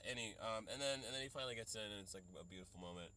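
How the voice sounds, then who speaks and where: A young adult man hosting a solo podcast, rambling and profane as he riffs, slipping into quick mock voices to quote people. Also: fairly low pitch, pushed and bright, dry recording. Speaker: podcast host. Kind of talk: solo comedic podcast rant.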